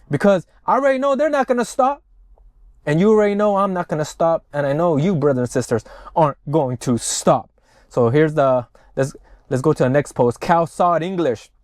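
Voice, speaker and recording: A man's voice: sits high, darkish tone, no echo, clean studio sound. A man giving profane, ranting reaction commentary on news clips. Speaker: political commentator.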